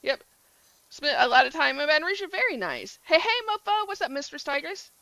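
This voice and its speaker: Bright, lively Southern woman streamer. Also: sits high, a little fast, creaky, dry recording, poor audio. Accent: Southern US (Georgia). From Georgia, USA. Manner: upbeat, greets chat by name. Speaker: game streamer. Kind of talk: casual live-stream chat.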